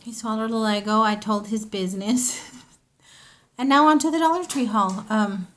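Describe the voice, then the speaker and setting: A woman's voice: fairly high pitch, a little slow. A woman, a mother, chatting casually to camera in a rambling haul video, often stopping to correct herself. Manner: chatty, rambling, self-interrupting. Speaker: vlogger.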